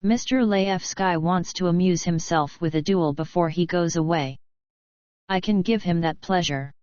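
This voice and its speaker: Woman narrator doing a cold scornful zoologist, low smooth voice, dry and dull. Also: moderate pace, darkish tone, no echo, close to an everyday voice. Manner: cool, cutting. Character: cool, contemptuous male zoologist.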